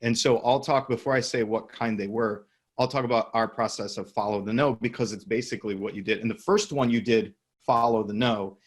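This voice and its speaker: A man's voice: fairly low pitch, fairly even intonation, a little fast, hardly any pauses, breathy edge. A man hosting a casual training discussion on sales calls, asking his co-host questions and steering the talk. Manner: conversational, leads with questions, frequent restarts.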